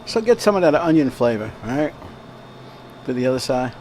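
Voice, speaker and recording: A home cooking show host with a mid-range, slightly mellow voice talks fairly quickly, his pitch swinging widely. He rambles through a casual demonstration in a veterans' hall kitchen, asking "all right?" as he goes, with a little hiss or hum audible.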